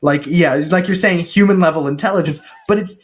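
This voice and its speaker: A man co-hosting a casual podcast, retelling a film with jokes and quick paraphrased lines from its characters. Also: high-pitched, slight background noise. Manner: chatty, joking, quick paraphrased quotes. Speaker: podcast co-host recapping a film. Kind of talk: casual chat.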